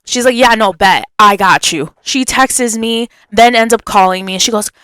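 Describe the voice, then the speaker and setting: A young woman hosting a podcast, telling a story in a chatty, animated way and acting out what people said. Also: a little high, normal speed, clean tone, dry recording. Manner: animated, chatty, acts out quotes. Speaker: podcast host. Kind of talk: casual storytelling.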